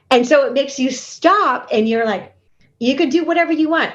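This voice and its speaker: A woman's voice: high-pitched, expressive, normal speed. A woman speaking as an interview guest and intuitive healer, giving earnest, coaching advice and acting out her inner dialogue. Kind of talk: conversational interview. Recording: dull lo-fi remote audio.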